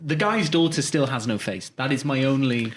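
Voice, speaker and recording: A man's voice: medium pitch, normal speed, over a noisy crowd. A man co-hosting a comedy podcast, bantering casually with dry, sarcastic asides. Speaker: podcast co-host. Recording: roomy echo.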